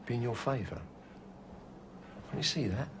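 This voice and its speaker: An actor plays a firm, patient police officer. He coaxes and persuades in a lively, rising and falling voice. The television drama soundtrack carries clear background noise. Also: mid-range voice, normal speed, lightly acted. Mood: coaxing. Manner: steady, coaxing, firmly persuasive. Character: calm, firm male police officer negotiator.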